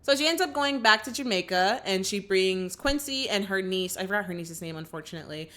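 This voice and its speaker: Bright-voiced young woman recapping a movie. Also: medium pitch, fairly quick. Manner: animated, acts out characters' lines. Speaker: movie reaction host.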